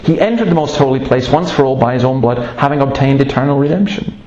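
A man's voice: medium pitch, quick pace, a little mellow, highs cut off, slight background noise. A man preaching a sermon in an earnest, emphatic way, breaking off to tell stories. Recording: roomy, echoey room sound.

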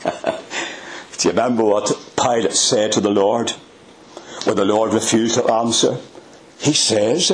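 Older man, sermon, low voice, very slow delivery, faint hiss. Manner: slow, emphatic preaching with dramatic hushed drops. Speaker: preacher.

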